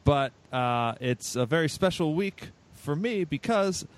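A man's voice: a little high, lively intonation, a little slow. A man from Massachusetts hosting a film podcast, chatting casually and rambling with many restarts and self-deprecating asides. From Massachusetts, USA. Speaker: podcast host.

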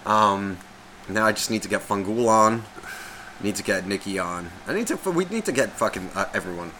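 A man's voice: on the low side, animated, normal speed, background noise. A man co-hosting a casual podcast, swearing freely and rambling through his stories. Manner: profane, loose and rambling. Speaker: podcast co-host.

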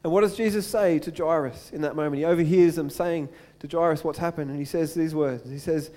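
A young adult man preaching a sermon as pastor, earnest, swinging between loud urgent build-ups and slow, soft appeals. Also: a little high, fairly even intonation.

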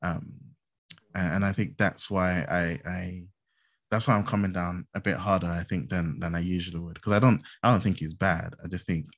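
A man with a very deep voice speaks in an earnest, casual way during a podcast discussion. The sound is dry and close, and he often corrects himself mid-sentence. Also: steady tone, moderate pace, no echo. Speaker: podcast co-host. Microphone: headphones on a call.

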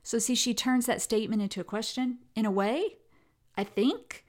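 A woman giving a conversational lecture, restarting sentences often and acting out quoted speech with lively intonation. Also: fairly high pitch, moderate pace. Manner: conversational, with many fillers and self-corrections; animated, reads quotes aloud with expressive intonation. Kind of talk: recorded lecture on language and gender.

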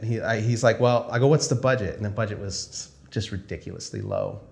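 Lowish-voiced man telling a lively story. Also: gravelly. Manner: animated, acts out dialogue in quick quoted exchanges. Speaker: film director. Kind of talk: casual storytelling interview.

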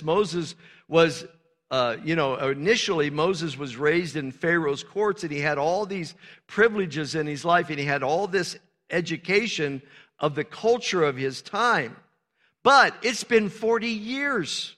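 High, lively older pastor preaching. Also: male voice, measured pace. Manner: conversational preaching, frequent "Amen" calls, self-deprecating asides. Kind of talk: sermon. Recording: long reverb of a large hall.

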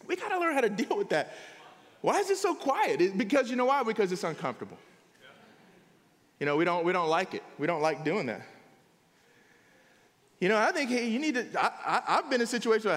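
A man's voice: high voice, very animated, normal speed, long pauses, fairly bright tone, long reverb tail. A man preaching a sermon as pastor, talking in a conversational, emphatic way. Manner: conversational, emphatic preaching with frequent "here's the deal". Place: church sanctuary.

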